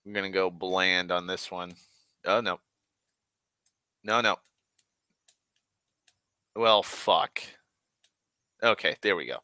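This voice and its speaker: A man's voice: sits low, steady tone, slow, long pauses, pushed and bright, smooth, no echo. A man rambling in a casual, profane monologue, ranting and complaining at length. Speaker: vlogger.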